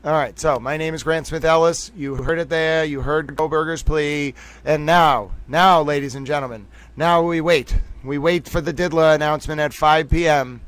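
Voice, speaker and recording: Man, Boston accent, live-stream host, theatrical, keeps repeating catchphrases, slightly high voice, smooth clear tone. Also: fairly even intonation, normal speed, fairly bright tone, no echo. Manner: theatrical, repeats catchphrases, addresses viewers directly. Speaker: livestream host.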